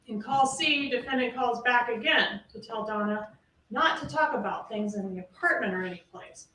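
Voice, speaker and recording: A woman prosecuting a case addresses the jury in closing, using rhetorical questions to press her points. Her higher voice sounds pushed and bright, at a moderate pace. Faint hiss runs through the roomy, distantly recorded courtroom audio.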